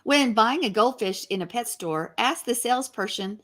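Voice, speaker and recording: A woman co-hosts a relaxed chat show. She reads out gags in a dry, teasing way. Her pitch rises and falls in a lively way. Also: moderate pace. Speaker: co-host. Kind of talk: casual chat.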